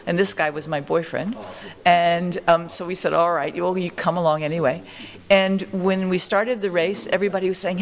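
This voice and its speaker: A woman's voice: lowish voice, steady tone, normal speed, few pauses. An older woman in an interview, telling her story with animation and acting out the voices of the people she quotes. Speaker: interviewee, marathon pioneer.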